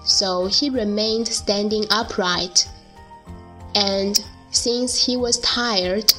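A woman narrating a storybook in a slow, deliberate reading. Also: mid-range voice, fairly even intonation, pushed and bright, faint music behind, poor audio.

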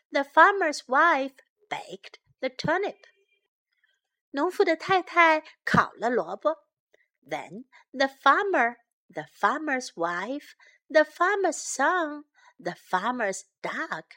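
A woman teaches English by reading a children's tale in two languages, going slowly and clearly and repeating phrases for the learners. Her voice sits high and her reading is lively, like a storybook.

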